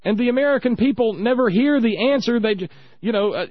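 A man's voice: very high-pitched, fast talker, no echo, lo-fi sound. A man hosting a talk radio show, ranting with indignant sarcasm.

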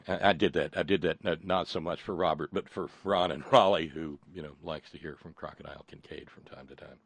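A man's voice: rumbling low, steady tone, brisk, vocal fry, hardly any pauses, breathy edge, no room sound. A man hosting a call-in talk radio show, rambling and sardonic, with stammering restarts.

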